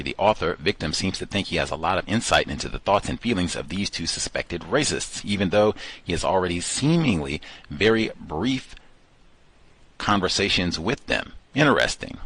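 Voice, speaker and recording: A man's voice: low voice, fairly bright tone, husky. A man hosting a call-in study session, reading passages aloud and breaking off into sardonic asides. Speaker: host.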